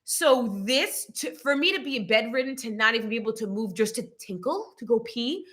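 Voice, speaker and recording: Young woman vlogger, dramatic emphatic chat, a bit high and bright. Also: expressive, moderate pace. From Rhode Island, US. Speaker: vlog host. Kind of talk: casual chat.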